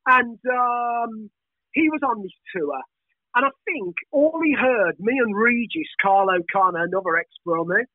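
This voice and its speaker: A middle-aged Birmingham man, very high-pitched for a man, talks as a guest in a rambling, hyper flow, swearing freely. His voice comes through a tinny, phone-like line. The sound is dry and close, with no room around it. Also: animated, measured pace, no room sound. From England. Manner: hyper, rambling, swears a lot, frequent laughs. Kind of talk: casual storytelling chat.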